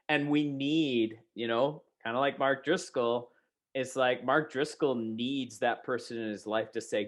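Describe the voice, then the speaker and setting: A young adult man, a former teacher, chatting casually on a podcast, rambling with many fillers and frequent laughs. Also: mid-range voice. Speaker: podcast co-host. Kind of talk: casual chat.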